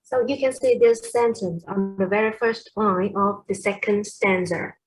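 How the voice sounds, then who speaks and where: A woman's voice: medium pitch, steady tone, normal speed, soft background music, low-quality recording. A young woman with a Vietnamese accent gives a class presentation on poetry, hesitating often with fillers and correcting herself as she goes.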